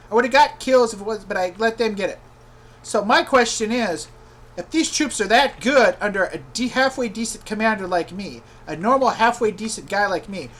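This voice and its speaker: A man's voice: sits high, fairly bright tone. A man playing a fantasy role-playing game and commenting in character, ranting indignantly and repeating his complaints. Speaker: video game let's player.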